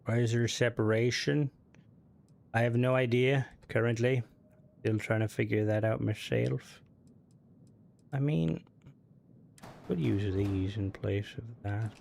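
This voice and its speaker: A man talking casually over his game stream, half-mumbling his thoughts as he pieces together a ship. His mid-pitched voice carries a gravelly, fry-heavy edge. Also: takes it slowly, pauses often, a little mellow. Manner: mumbling, thinking aloud while building. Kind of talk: casual gameplay commentary.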